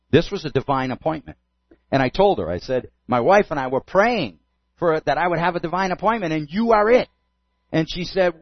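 A man's voice: on the high side, no room sound, muffled recording. A man, a pastor, telling a story in a sermon and acting out both sides of a conversation.

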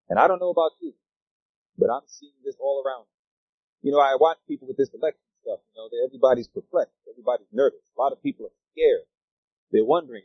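Male pastor preaching a sermon, high and animated, shifts from loud to quiet, dry and slightly dull recording. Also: no echo. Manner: preaching with rhetorical questions to the congregation; swings between loud declarations and quiet asides.

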